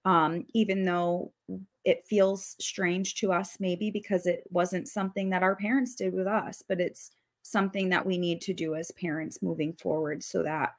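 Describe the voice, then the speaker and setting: A woman's voice: fairly low pitch, fairly even intonation, moderate pace. A woman hosting an interview, speaking casually and encouraging her guest with frequent affirmations. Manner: supportive, frequent short affirmations. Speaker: podcast host.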